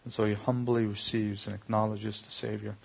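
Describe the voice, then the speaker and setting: A man's voice: fairly low pitch, level tone, a little fast, vocal fry, breathy edge, dull audio. A man preaching a sermon, building to emphatic swells and asking the listeners rhetorical questions. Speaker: pastor.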